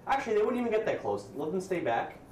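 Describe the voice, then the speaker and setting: A man's voice: high-pitched, big pitch swings, quick pace, a little mellow. A man running a tabletop game as game master, narrating in a loose, hesitant way. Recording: roomy, distant mic with faint hiss.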